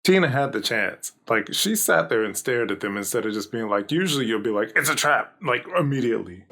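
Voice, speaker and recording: A man's voice: on the low side, lively intonation, fairly quick, fairly bright tone. A man hosting a reaction video, chatting casually and jokingly as he comments. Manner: chatty, jokey, laughs often.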